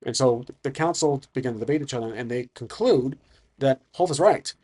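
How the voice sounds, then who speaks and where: A man's voice: medium pitch, brisk, a little mellow. A man narrating a solo tabletop game, thinking aloud and hesitant, with frequent restarts.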